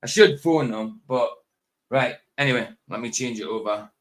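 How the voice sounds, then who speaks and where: A man's voice: medium pitch, moderate pace, a bit bright. A man chatting casually to viewers as host of a live stream, repeating his friendly greetings. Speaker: livestream host.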